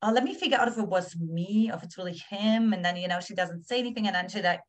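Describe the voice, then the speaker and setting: A woman co-hosting a relationship podcast, asking a guest questions in a relaxed conversational way. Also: medium pitch, fast talker. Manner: conversational, agreeing with short backchannels. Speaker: podcast co-host. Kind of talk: casual interview questions.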